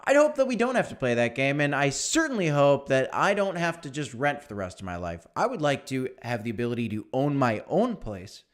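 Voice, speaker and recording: A man hosting a casual livestream, talking in an animated, emphatic way that repeats phrases. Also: medium pitch, a little fast, hardly any pauses. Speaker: livestream host.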